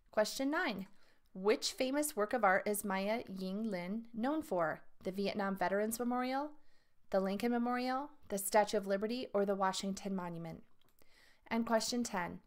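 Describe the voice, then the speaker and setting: Female art teacher, reads test items and lesson text to her class, average pitch. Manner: reads questions and answer choices aloud, adds asides to students. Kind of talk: reading a test review and lesson aloud.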